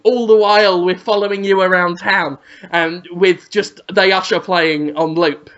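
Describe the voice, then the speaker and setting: A woman co-hosting a podcast, playfully spinning an absurd scenario and acting out sounds and shouts. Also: lowish voice, steady tone, a little slow. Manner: teasing, spins an absurd scenario, acts out sounds. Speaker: podcast co-host. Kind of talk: playful comic storytelling. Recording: slightly muffled podcast audio.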